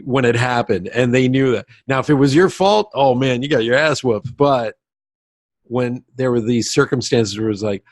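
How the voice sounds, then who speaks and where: A man hosting a podcast interview, agreeable and relaxed, sharing his own anecdotes in casual chat. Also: medium pitch, normal speed, dry recording. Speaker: podcast host.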